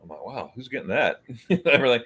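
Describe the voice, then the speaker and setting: A man's voice: medium pitch, very animated, brisk, fairly bright tone, slightly rough. A man hosting a livestream chat, telling a story in a loose, rambling way, often repeating words and acting out what people said. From United States. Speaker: host.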